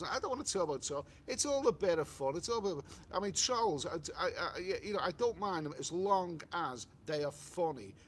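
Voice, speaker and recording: A man's voice: on the high side, a little hiss or hum. Rambling Liverpool man on a live stream. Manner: rambling, frequent restarts and "you know" fillers. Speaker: travel vlogger hosting a live stream. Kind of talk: casual live-stream chat, reading comments aloud.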